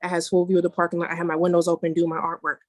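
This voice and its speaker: A woman's voice: on the low side, monotone, racing, no echo. A woman on a video call sharing a personal testimony casually, rambling along with restarts and asides. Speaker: meeting member sharing a testimony.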